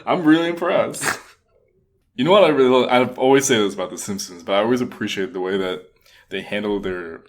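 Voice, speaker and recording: A man's voice: fairly low pitch, a little fast. A young man co-hosting a podcast in casual chat, rambling and laughing often. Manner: chatty, giggly, rambling with restarts. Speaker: podcast co-host.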